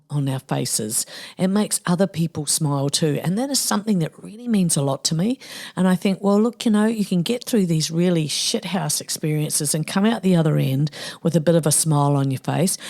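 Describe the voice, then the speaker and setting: A woman's voice: deep voice, warm tone. A middle-aged woman with a New Zealand accent hosting a solo podcast in a playful, tongue-in-cheek, chatty way. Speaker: podcast host. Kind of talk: casual solo podcast monologue.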